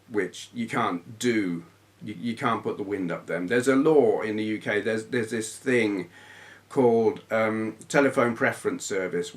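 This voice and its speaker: A man in his thirties chatting casually in a vlog, telling grumbly stories in a blunt, swearing manner. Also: on the low side. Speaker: retro gaming YouTuber. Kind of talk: casual rambling vlog chat.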